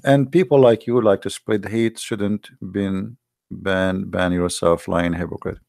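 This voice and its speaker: Gravelly-voiced man, non-native English. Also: low voice, fairly even intonation, darkish tone, no echo, clean studio sound. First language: not English. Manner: argumentative, repeats himself, halting non-native English. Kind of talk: casual heated monologue.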